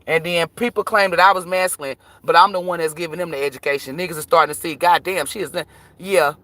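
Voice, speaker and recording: A woman's voice: on the low side, fairly even intonation, quick pace, fairly bright tone, dry recording. Woman, outspoken tarot reader on a live stream, foul-mouthed and preachy, dry close sound. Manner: blunt, profane, preachy advice. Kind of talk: live-stream rant to viewers.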